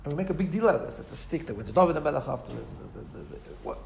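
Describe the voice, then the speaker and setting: Here a man teaches Torah, his speech marked by Orthodox Jewish English and Ashkenazi Hebrew. He talks very fast in a fairly high, sing-song voice with vocal fry, over a slight hiss or hum. His style is conversational, full of repeated words and frequent "right?" checks.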